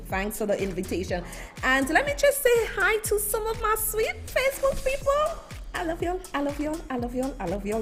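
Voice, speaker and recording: Lively woman hosting a live stream. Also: sits high, normal speed. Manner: animated, effusive, sing-song shout-outs. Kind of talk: live-stream chat greeting viewers. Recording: faint music behind.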